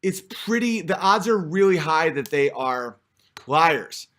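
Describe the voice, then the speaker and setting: A man's voice: fairly high pitch, animated, slow, a bit bright, slight background noise. A man talking in a casual spoken monologue, rambling with many fillers and restarts.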